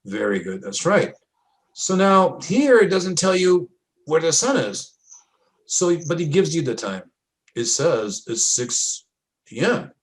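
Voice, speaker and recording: A man with a slightly higher-than-usual voice walks a class through a lab in a relaxed, conversational way. He checks in with his students often, breaking each step into small pieces. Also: slow pace, poor audio. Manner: casual, talks students through diagrams with frequent checks. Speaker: teacher.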